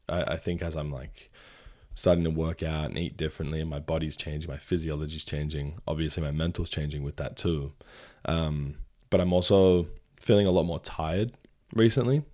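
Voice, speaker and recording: A man's voice: a bass voice, steady tone, moderate pace, darkish tone. A young man talking casually in a solo audio journal, rambling and swearing freely. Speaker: podcast host.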